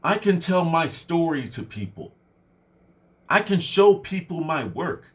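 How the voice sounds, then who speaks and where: A young man talking straight to his listeners in a loose, chatty motivational style. His voice sits high and bounces through a wide range, and he drops it low and lifts it again to make a point. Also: measured pace. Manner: animated, swings voice up and down for effect; conversational with many fillers. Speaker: motivational speaker. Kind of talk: casual motivational monologue.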